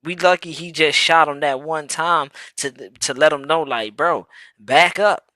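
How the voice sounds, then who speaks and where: A man talking on a casual live stream, his voice bright and forceful. He speaks in slang and circles back over his words as he works toward a point. The sound is dry and close, with no room echo. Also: a little high, fairly even intonation, normal speed. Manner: repeats words while building a point, slangy. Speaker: podcast co-host.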